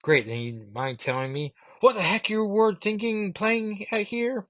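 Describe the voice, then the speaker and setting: A man voicing a spunky young heroine, quick and scolding, while retelling a comic. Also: high-pitched, a bit bright, dry recording, pitched above the performer's own voice. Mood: chiding.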